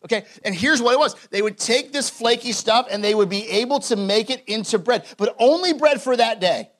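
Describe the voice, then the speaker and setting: A man with a high, light voice preaching a sermon. He talks casually and conversationally, and he acts out the scripture passages as he reads them. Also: brisk, a bit bright. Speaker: pastor.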